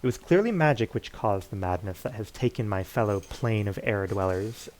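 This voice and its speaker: A man's voice: lowish voice, lively intonation, normal speed, a little mellow, lightly acted, rough recording. A man reading aloud the lines of an elemental air dweller who is fighting off madness, in a grave way. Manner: grave, reads the text aloud.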